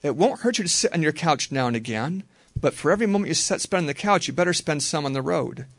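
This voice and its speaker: Man, Bible teacher, gravelly voice, dry close sound, conversational, repeats phrases slowly. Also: fairly high pitch, no room sound. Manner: relaxed, conversational, slow careful repetition. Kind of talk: informal Bible teaching to a group.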